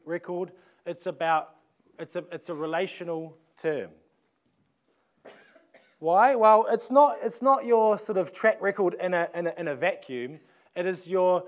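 A man, preaching a sermon in a conversational way, often restarting phrases and asking rhetorical questions. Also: sits high. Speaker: pastor.

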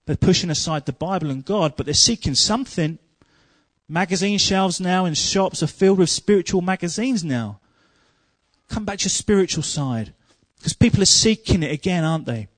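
A man preaching a sermon, telling humorous stories and growing loud and emphatic. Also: sits high, normal speed, no echo.

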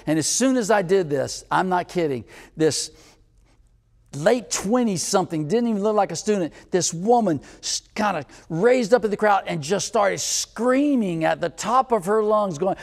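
A man preaching a sermon, telling personal stories, moving from hushed, intimate passages to loud, excited ones. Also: sits high, normal speed, creaky, long reverb tail. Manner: storytelling, swings from hushed to loud.

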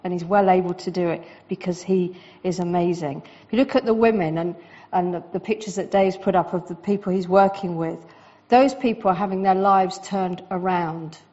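Woman preaching a lively conversational sermon. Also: fairly low pitch, normal speed, muffled recording.

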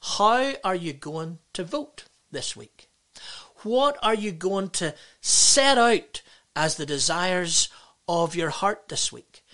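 Woman pastor giving a sermon, lowish voice that swoops all over, big emphatic exclamations. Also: a bit bright. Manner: emphatic, exclamatory preaching with rhetorical questions.

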